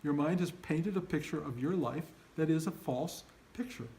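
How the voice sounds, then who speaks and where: A man's voice: a little high, moderate pace, dark tone, a little hiss or hum, poor audio. An older man giving an informal spiritual talk to his students, earnest and emphatic, often acting out their inner voices. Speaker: spiritual teacher.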